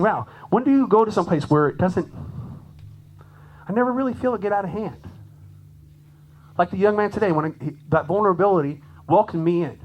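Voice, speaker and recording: A man giving a lively, chatty clinic talk to a conference audience as a jazz drummer, laughing often and acting out quoted voices. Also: on the high side, slight background noise, poor audio.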